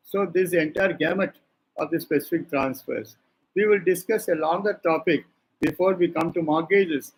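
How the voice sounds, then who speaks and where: A man's voice: on the high side, slightly rough, poor audio. Older Indian man dictating a law lecture. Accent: Indian English. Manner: repeats and dictates points slowly; asks and answers his own questions. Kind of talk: classroom lecture.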